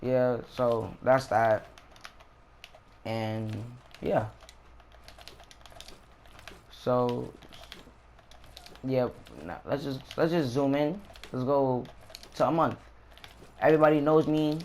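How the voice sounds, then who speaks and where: A young man casually telling a story about a school fight in slangy, animated street talk with swearing. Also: mid-range voice, slow pace, pauses often, slight background noise. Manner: slangy, animated retelling with profanity.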